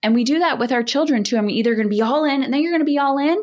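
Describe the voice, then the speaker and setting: A woman's voice: high voice, rapid-fire. A woman parenting coach in a podcast interview, talking in a direct, emphatic coaching manner.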